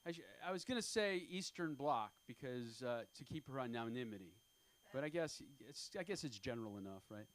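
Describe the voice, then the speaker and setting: A man in his fifties doing an open-mic stand-up set on a comedy club stage. He talks in a rambling, self-deprecating way, halting often with fillers. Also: medium pitch, expressive. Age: 50s.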